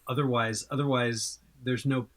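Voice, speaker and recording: A man co-hosting a podcast in casual chat, talking candidly and relaxed, with frequent "you know"s. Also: mid-range voice, normal speed, rough recording. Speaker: podcast co-host.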